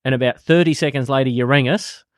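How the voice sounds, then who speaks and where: A man's voice: medium pitch, fast, no echo, studio quality. A man hosting a podcast, talking to his guest and listeners in a friendly, praising way. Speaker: podcast host. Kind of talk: casual chat.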